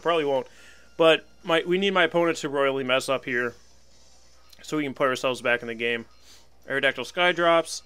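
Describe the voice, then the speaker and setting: Bright-voiced young man commenting on gameplay. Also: mid-range voice. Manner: casual, wry and resigned, laughs at himself. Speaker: gaming channel host.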